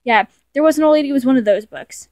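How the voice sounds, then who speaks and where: Young woman, casual self-mocking commentary, stumbling, higher voice, dry close sound. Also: fast talker, a little mellow, dry recording. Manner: rambling and self-mocking, stumbles and corrects herself. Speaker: video creator. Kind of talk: casual commentary reading her childhood stories aloud.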